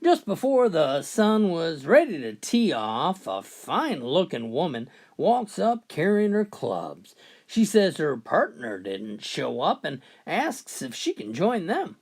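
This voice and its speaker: A man's voice: on the high side, wildly swooping pitch, slow. A man telling jokes in a laid-back, folksy way, starting sentences with "well". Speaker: joke teller. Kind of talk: storytelling jokes.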